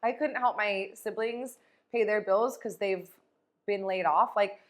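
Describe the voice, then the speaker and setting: A woman's voice: mid-range voice, a little slow. A woman life coach talking in a casual motivational vlog, blunt, profane and emphatic.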